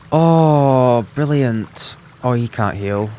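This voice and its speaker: A man hosting a let's play, chatting excitedly and thinking aloud as he plays. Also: fairly low pitch, moderate pace, a little hiss or hum. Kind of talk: gaming commentary.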